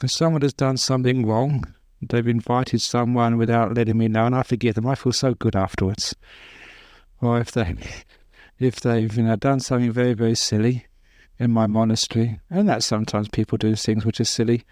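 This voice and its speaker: Chuckling monk giving a dharma talk. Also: male voice, medium pitch, fairly even intonation, brisk, darkish tone, no echo, clean studio sound. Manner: humorous, chuckles at his own jokes; conversational storytelling, with restarts. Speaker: Buddhist monk teaching meditation.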